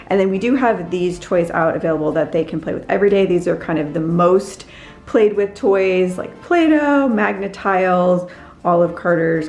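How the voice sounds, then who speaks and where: A woman's voice: mid-range voice, darkish tone. A woman in her thirties chatting casually to camera in a lifestyle vlog, bubbly and talking straight to her viewers. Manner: chatty, bubbly, addresses viewers as "you guys". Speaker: vlogger, working mom.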